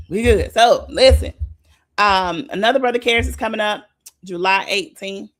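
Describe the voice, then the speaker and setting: A woman's voice: medium pitch, normal speed. A woman giving an informal sermon, talking conversationally and emphatically, often repeating her phrases. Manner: repetitive, emphatic, conversational preaching. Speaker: speaker leading a devotional talk.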